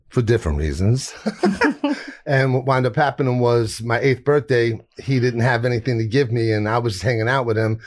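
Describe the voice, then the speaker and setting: A man, a chef guest telling stories in a casual, rambling interview, laughing often and restarting sentences. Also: lowish voice. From New York.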